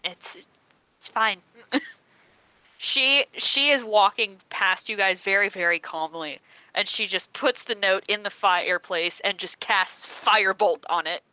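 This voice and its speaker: A woman's voice: medium pitch, measured pace, bright, forceful tone, clean tone, no room sound, low-quality recording. A woman playing a tabletop game who describes her character's actions in a dry, resigned way. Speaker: player. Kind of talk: tabletop play narration.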